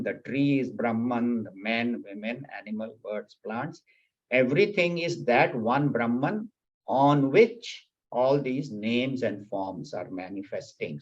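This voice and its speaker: A man's voice: medium pitch, husky, muffled recording. A man teaching a scripture class at a spiritual center, explaining patiently and repeating key points. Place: class at a spiritual center, also on video call.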